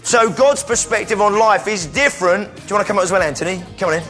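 A man preaching an energetic sermon in church, calling volunteers up and sometimes breaking into shouts. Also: high-pitched, fast talker, soft background music. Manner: energetic, calls out to the crowd, bursts into shouts.

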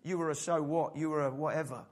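A man preaching a sermon in an animated style, acting out the voices in the story. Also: a little high, quick pace. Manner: animated preaching, acts out the father's voice. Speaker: pastor.

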